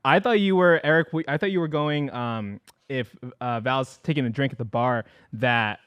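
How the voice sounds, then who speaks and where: A man co-hosting a casual movie podcast, excitable and laughing as he pitches ideas. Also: moderate pace, smooth, dry recording. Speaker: podcast co-host. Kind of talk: casual group chat.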